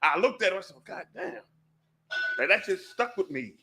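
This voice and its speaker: A man with a very bright, sharp, high-set voice recounts a story in loose, slangy talk. He gets emphatic and animated as he goes. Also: quick pace, slightly rough. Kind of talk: casual storytelling.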